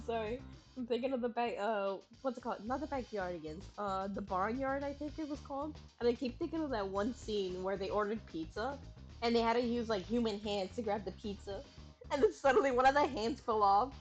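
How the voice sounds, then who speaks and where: A woman's voice: a little high, darkish tone. A woman streamer giving casual gameplay commentary, giggling often, swearing freely and riffing on her own jokes.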